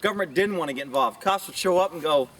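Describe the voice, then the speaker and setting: A man's voice: quick pace, fairly bright tone. A middle-aged man who is a police officer, talking bluntly and opinionatedly to camera outdoors, with rambling asides. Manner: puts on high mocking voices for quoted women. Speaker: police officer sharing views. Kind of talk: casual monologue to camera. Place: outdoors with chickens nearby. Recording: voice somewhat far from mic.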